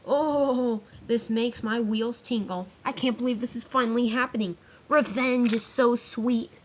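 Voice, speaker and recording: A woman's voice: fairly high pitch, a little slow, a little hiss or hum, lightly acted. Bert, a woman doing a gleeful, gloating villain engine. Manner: gloating and excitable.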